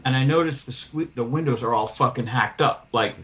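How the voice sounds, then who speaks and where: A man's voice: mid-range voice, brisk, lo-fi sound. A man on a casual podcast, telling a long story about losing a cleaning client and acting out both sides of the talk, swearing freely. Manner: profane, animated storyteller acting out dialogue. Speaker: podcast host, window cleaner.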